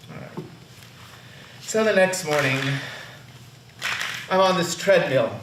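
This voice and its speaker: A man's voice: a little high, expressive, unhurried, long pauses, a little hiss or hum. Wry male storyteller in a roomy hall. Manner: wry, self-mocking humor. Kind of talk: live personal storytelling performance. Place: theater stage. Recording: roomy, distant stage recording.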